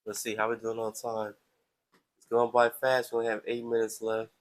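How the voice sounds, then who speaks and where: A man's voice: fairly low pitch, monotone, moderate pace, low-quality recording. A man hosting a live stream, talking casually in a playful, chatty, self-promoting way.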